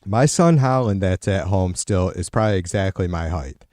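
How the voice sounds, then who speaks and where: A man's voice: low voice, animated, moderate pace, darkish tone, no room sound, clean studio sound. A middle-aged man hosting a livestream, chatting casually with viewers and answering their comments aloud in a profane, rambling way. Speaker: livestream host.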